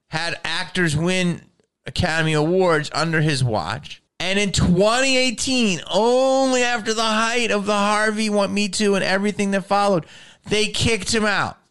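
A man on a casual talk show, swearing freely and circling back on his points as he rants. His voice sits a little high for a man and comes across smooth and clear. He stumbles, restarts and presses on. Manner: profane, animated ranting with restarts. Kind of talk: casual ranting chat.

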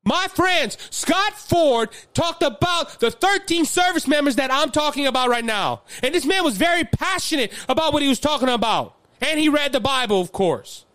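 A man's voice: extremely high pitch, expressive, moderate pace, hardly any pauses, a bit bright, no echo, clean studio sound. A man with a Louisiana accent hosting a political commentary show, impassioned and fiery, often repeating words as he builds steam. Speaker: podcast host.

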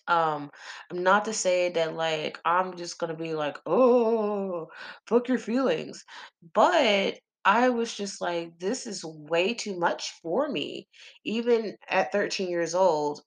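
A young woman hosting a podcast, rambling through casual astrology talk with lots of fillers and swearing. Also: on the low side. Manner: rambling, profane, many fillers. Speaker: podcast host.

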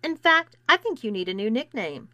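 A woman voicing a bold teenage cheerleader in a storybook reading, loud and blunt. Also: on the high side, big pitch swings, moderate pace, no echo. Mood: threatening.

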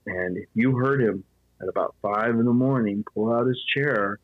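A man with a husky, low voice tells a story in a loose, chatty way, peppered with "you know." The sound is flat and dull, like a lo-fi recording in a dead, dry space. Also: normal speed, no echo. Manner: conversational, fillers like "you know". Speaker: podcast guest telling a ghost story. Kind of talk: casual storytelling.

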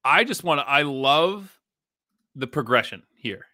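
Bright-voiced man chatting on a podcast. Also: fairly high pitch, animated, unhurried, no echo, clean studio sound. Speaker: podcast co-host. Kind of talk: casual chat.

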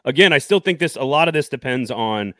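A man co-hosts a live sports talk show. He jokes, laughs easily and rattles through sponsor reads at an average pitch. His voice sits dry and close to the mic. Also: expressive, a bit bright, no room sound. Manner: jokey, laughs often, fast sponsor patter. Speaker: podcast co-host.

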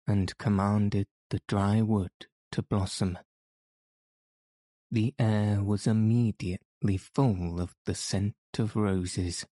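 A man narrating a classic story in a measured, even way, as an audiobook reader. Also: fairly low pitch, no room sound, clean studio sound.

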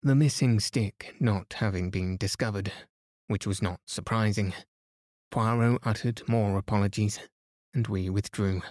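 Slow, soothing bedtime story narrator, male. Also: lowish voice, dry recording, studio quality. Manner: soothing, steady. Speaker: podcast narrator. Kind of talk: calm bedtime story reading.

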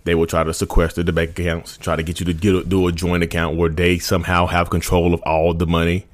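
A man's voice: deep voice, monotone, fast. A man talking straight to his viewers in a casual, informal way, often restarting and repeating his phrases. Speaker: vlogger speaking about narcissism. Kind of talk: casual direct-to-camera talk.

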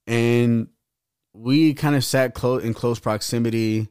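A man's voice: medium pitch, fairly even intonation, takes it slowly, darkish tone, smooth, dry recording, studio quality. A young man hosting a podcast, telling a rambling, profane story in casual chat and acting out the voices of the people in it. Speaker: podcast host. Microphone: podcast mic.

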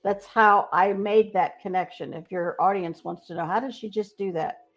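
A woman's voice: mid-range voice, normal speed. Earnest woman telling stories, lo-fi sound. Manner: earnest, animated storytelling with quoted voices. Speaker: spiritual medium guest. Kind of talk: casual interview storytelling.

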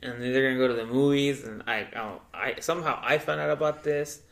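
A young man co-hosting a podcast, telling a loose, profane story and acting out the people in it with big jumps in pitch. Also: fairly quick, vocal fry. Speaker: podcast co-host. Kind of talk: casual storytelling chat.

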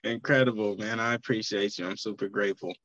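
A laid-back man guesting on a podcast, easygoing and a bit halting with fillers. The sound is dull and dry, with no room around his voice. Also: fairly low pitch, steady tone, fairly bright tone, no echo. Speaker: guest musician. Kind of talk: casual chat.

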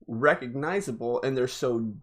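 A man's voice: medium pitch, moderate pace. Rambling man with a Northeastern US accent. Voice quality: rambling, restarts with many fillers. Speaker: podcast co-host, delivery driver. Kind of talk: casual chat.

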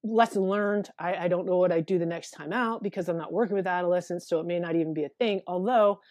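Woman therapist, guest on a video call, low warm voice, dry close sound, hesitant restarts. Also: fast talker, no room sound. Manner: hesitant, many restarts, thoughtful. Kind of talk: conversational interview.

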